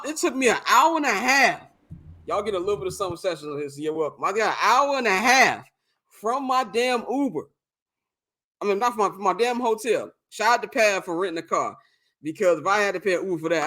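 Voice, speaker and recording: A man's voice: high voice, quick pace. A young man, casually telling a long, profane story on a podcast and acting out the other people in it. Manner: animated, profane, acts out quoted exchanges. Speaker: podcast co-host.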